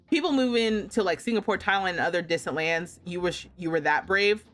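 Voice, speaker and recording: A woman's voice: mid-range voice, unhurried, fairly bright tone. A young American woman streaming a game, casually telling a travel story, laughing often and acting out the voices of people she quotes. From United States. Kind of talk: casual storytelling while gaming.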